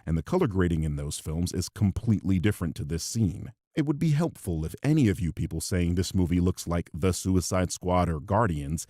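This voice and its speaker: Very deep, dark-voiced sarcastic commentator man. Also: animated, brisk, few pauses, no room sound, clean studio sound. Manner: sarcastic, mocking critique. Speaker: video commentator. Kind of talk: scripted commentary.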